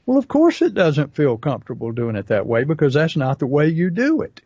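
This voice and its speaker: A man's voice: fairly high pitch, sing-song, fairly quick, hardly any pauses, mellow, no echo, highs cut off. A man, co-hosting a podcast as a business coach and telling folksy stories with acted asides. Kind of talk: casual podcast talk.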